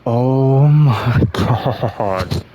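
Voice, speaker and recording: A man's voice: medium pitch, extremely slow, mellow, slight background noise. A man playing a video game and commenting, exasperated and swearing as he rants at the game. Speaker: gaming streamer. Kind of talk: frustrated let's-play commentary.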